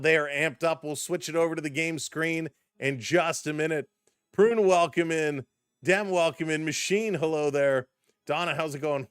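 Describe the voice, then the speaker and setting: Man, live stream hockey host, slightly high voice, smooth and clear, dry close mic, excitable, chatty with viewers. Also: dry recording. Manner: excitable, greets chat viewers by name. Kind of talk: live stream commentary and chat.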